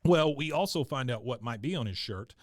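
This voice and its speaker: A man's voice: medium pitch, expressive, brisk, no room sound, clean studio sound. A man hosting a podcast, casually recapping an episode with lots of filler sounds and chuckles. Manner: rambling, many filler sounds, chuckles often. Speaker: podcast host.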